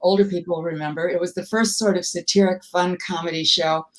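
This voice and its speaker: A woman's voice: lowish voice, fairly even intonation, brisk. An older woman from Milwaukee, a comedy writer, telling wry, self-deprecating anecdotes in a casual interview. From Milwaukee, USA.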